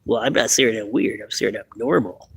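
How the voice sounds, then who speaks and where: A man's voice: lowish voice, fast, creaky, fairly bright tone, slightly rough, no echo. A man hosting a casual late-night livestream from a parked car, rambling offhandedly with some cursing, recorded on a phone. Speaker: livestream host.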